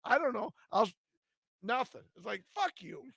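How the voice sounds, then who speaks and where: A man arguing his point in rambling, profane podcast banter. His voice is quite high for a man, and it sounds close and dry. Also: normal speed, vocal fry, bright, forceful tone, dry recording. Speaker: podcast co-host.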